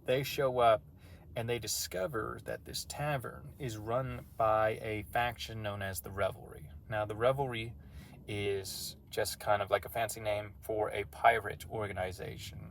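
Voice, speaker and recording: A man's voice: on the low side, creaky, a little hiss or hum. A man casually recapping a tabletop game session as game master, rambling and self-deprecating.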